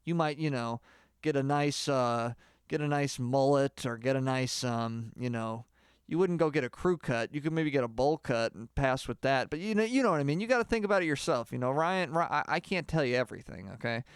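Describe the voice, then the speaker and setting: Rambling deadpan man, smooth voice. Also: mid-range voice, no echo, studio quality. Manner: rambling, halting, full of fillers. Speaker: comedy mock singing teacher. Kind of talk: deadpan mock lesson.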